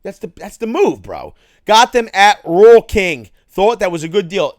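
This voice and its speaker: A man hosting a casual live stream, reading viewer chat aloud and answering in a loose, animated way. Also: sits high, normal speed, no echo, studio quality. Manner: animated, reads chat aloud, calls people bro. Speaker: livestream host reading chat.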